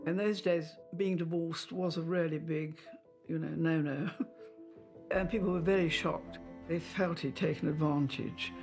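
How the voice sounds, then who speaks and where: A woman in her eighties, a former lady-in-waiting, recalling old memories in an interview with fond, halting storytelling. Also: deep voice, steady tone, music in the background. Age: 80s. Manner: hesitant, fond storytelling with fillers. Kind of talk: interview reminiscence.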